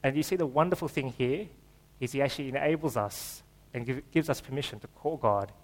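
A man's voice: mid-range voice, brisk, rough recording. A man preaching a sermon in a church, in a casual, joking, conversational way. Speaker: pastor.

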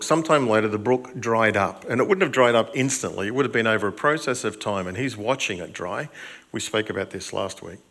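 This older male pastor, speaking in a church hall, keeps his sermon chatty and self-mocking while putting questions to the children. He has a fairly low pitch and a fairly bright tone.

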